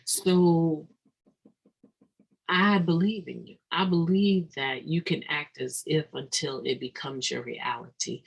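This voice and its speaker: On a rough recording, a recovery meeting speaker offers an earnest, reflective daily meditation talk in a gravelly, husky, mid-range voice. They halt and restart mid-thought and break into sudden emphatic bursts.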